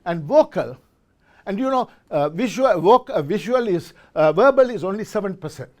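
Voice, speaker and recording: Pitched high with a darkish tone, his animated voice keeps a moderate pace. The middle-aged man is presenting a motivational business talk at a business forum, in an event hall before a live audience, and he frequently restarts words and quizzes those listening.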